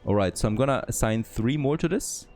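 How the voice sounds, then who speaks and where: A man who is not a native English speaker, thinking aloud and getting excited as he comments on a city-building game. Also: mid-range voice, brisk. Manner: thinking aloud, easily excited, frequent "there you go". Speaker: gameplay commentator. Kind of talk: let's play commentary.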